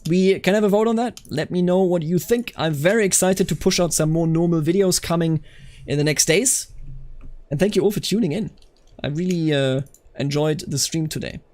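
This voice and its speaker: A man streaming a strategy game, reading event text aloud and reacting loudly to what happens. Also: a little high, moderate pace. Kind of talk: live game stream commentary.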